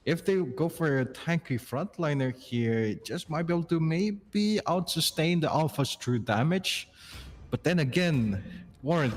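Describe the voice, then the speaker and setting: A man casting a live esports match, animated, exclaiming often and quick to laugh. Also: on the high side, big-room sound. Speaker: esports caster.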